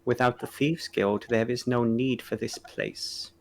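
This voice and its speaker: A man voicing three blank, emotionless collectors who speak in a flat monotone. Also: medium pitch, measured pace, gravelly, a little hiss or hum. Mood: cold, flat.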